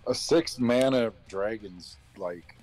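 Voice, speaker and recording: A man's voice: lowish voice, slow, darkish tone, faint music behind. A man casually chatting with a stream host in a laid-back, hesitant way. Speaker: friend watching the stream. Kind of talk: casual chat.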